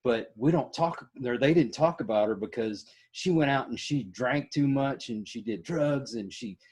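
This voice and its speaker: A man's voice: mid-range voice, normal speed, darkish tone, breathy edge. A man, a podcast host in casual interview chat, folksy and joking.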